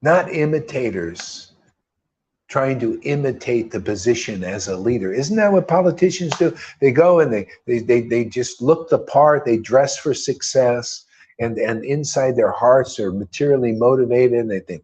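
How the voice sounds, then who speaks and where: A man's voice: mid-range voice, animated, measured pace, a little mellow, muffled recording. A man preaching in a loose, informal way, fervent and rambling, peppering his talk with slang and mocking voices. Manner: mocks others in put-on quoted voices. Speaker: spiritual teacher.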